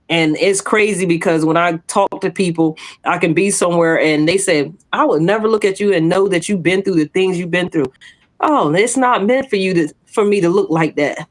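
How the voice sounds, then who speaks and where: Her voice on the low side and her speed normal, a woman sharing her testimony as a podcast co-host speaks boldly in casual conversation. She animates the story by acting out the voices she quotes.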